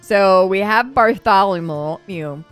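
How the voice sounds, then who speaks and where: A woman's voice: medium pitch, slow pace, smooth, soft background music. A woman hosting a casual let's-play, chatting through her game, laughing often and squealing when something surprises her. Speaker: gaming channel host.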